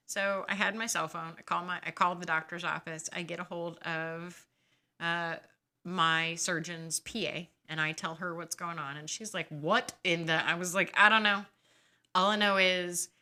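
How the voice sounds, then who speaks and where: Bright-voiced woman telling a story sarcastically. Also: medium pitch. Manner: animated, indignant, sarcastic storytelling. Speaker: podcast host sharing her story. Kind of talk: casual storytelling.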